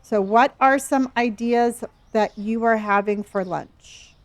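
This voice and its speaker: Middle-aged lady streamer, kinda high voice, playful and chatty with chat. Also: slow. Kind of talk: casual live-stream chat with viewers.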